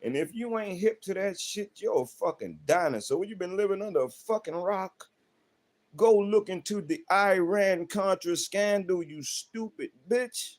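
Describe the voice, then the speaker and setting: A man's voice: high voice, lively intonation, unhurried. Profane, confrontational man ranting with AAVE. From South Central Los Angeles. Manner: profane, confrontational, rhetorical questions. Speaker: livestream host. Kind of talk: ranting monologue to chat.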